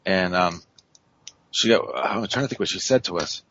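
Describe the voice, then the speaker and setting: A man's voice: low voice, animated, measured pace, fairly bright tone, lo-fi sound, a little hiss or hum. A man telling a story on a radio show, rambling with many fillers and restarts. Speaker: paranormal investigator guest.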